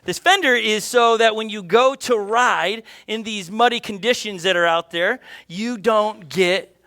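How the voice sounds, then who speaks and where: Man, pastor preaching, high voice, bright tone, lively, restless delivery full of restarts. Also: measured pace. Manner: energetic, restless, with many restarts and quoted asides. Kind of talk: sermon.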